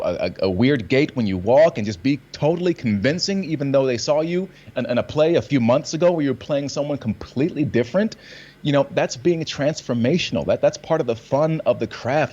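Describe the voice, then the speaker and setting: A man's voice: medium pitch, fairly quick, slightly rough, muffled recording. A man and actor talking in a casual conversation, telling stories with energy and acting out lines in different readings. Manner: animated storytelling, acts out lines in different readings. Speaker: actor and guest.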